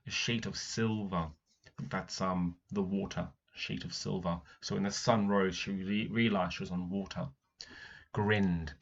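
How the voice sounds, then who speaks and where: A man's voice: deep voice, steady tone, unhurried, vocal fry, highs cut off. A male primary teacher, reading a picture book aloud and stopping to explain it. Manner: reads passages aloud, then breaks off to explain. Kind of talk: read-aloud book analysis.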